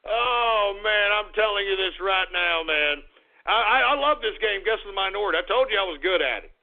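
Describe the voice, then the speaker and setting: Rowdy radio host, gravelly and high. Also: male voice, lively intonation, a little fast. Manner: boisterous, crude, bursts into shouts and whoops. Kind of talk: crude call-in radio talk. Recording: tinny phone-like radio audio.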